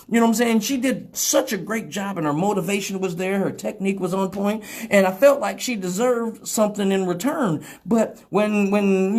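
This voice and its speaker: A man hosting a live show, telling a story in casual, profane talk that swings from loud exclamations to low mutters. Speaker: radio show host.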